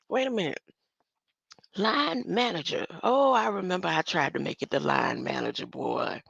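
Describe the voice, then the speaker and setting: Slow, gravelly rambling vlog voice. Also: medium pitch, big pitch swings, a bit bright, no echo, lo-fi sound. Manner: musing, drifting from topic to topic, chuckling often. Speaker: vlogger. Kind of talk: rambling casual monologue.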